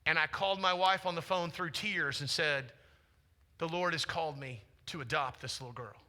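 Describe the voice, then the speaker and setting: A pastor in his forties preaches in an easy, chatty storytelling manner and keeps turning to the congregation with questions. His voice sits high and sounds very bright and forceful. The delivery is conversational, not formal. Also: normal speed. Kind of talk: sermon. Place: church sanctuary.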